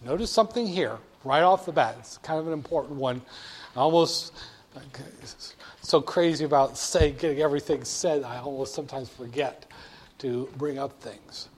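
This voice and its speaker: A man with a slightly higher-than-average voice, teaching a room of students. He is lively and emphatic, dropping to quiet asides and then rising to loud, punchy points. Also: moderate pace. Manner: animated, emphatic, swings between quiet and loud. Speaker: instructor. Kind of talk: classroom lecture.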